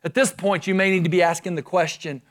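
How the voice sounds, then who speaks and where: A man's voice: high-pitched, fairly even intonation, fast. A man preaching a sermon, retelling scripture and pressing his listeners with rhetorical questions.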